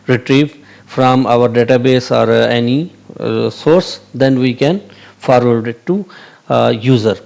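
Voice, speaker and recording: Man, tutorial host: halting delivery, frequent fillers, mid pitch. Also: vocal fry, a little mellow. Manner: hesitant, many fillers and restarts, repeats "okay". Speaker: channel host explaining AI concepts. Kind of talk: whiteboard tutorial, unscripted.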